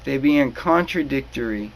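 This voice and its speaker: Young man, profane rambling rant, mid-pitch, faint hiss behind. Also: lively intonation, moderate pace, poor audio. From New England. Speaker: vlogger. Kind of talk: ranting monologue to camera.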